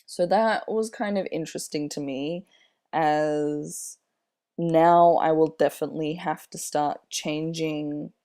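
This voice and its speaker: A young man in his twenties with a slightly airy voice, talking casually in a personal vlog, unhurried and rambling with many fillers. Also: fairly high pitch, steady tone, darkish tone, smooth. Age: 20s. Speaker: vlogger.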